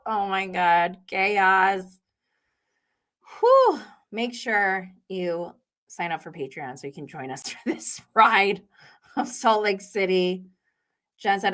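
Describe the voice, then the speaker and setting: A woman's voice: on the low side, fairly bright tone. A young woman hosting a live show, chatting and giggling as she recaps reality TV and reads viewer comments aloud. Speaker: host.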